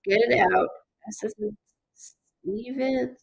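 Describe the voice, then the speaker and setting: A woman giving a live-streamed psychic reading in an animated, rambling way, with many fillers and restarts. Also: a little high, slow pace, gravelly, low-quality recording. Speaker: psychic medium.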